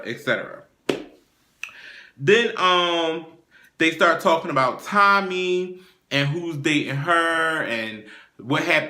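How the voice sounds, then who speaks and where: A man's voice: medium pitch, bright, forceful tone. A man hosting a casual reality-show recap, talking in a blunt, profane, gossipy way. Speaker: TV recap host. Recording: roomy echo.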